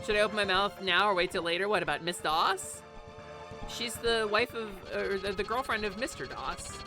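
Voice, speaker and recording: A woman's voice: mid-range voice, normal speed. A woman streaming a game live, swearing and exasperated, ranting at the game and chatting with her viewers. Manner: chatty, greets chat viewers. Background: faint game music.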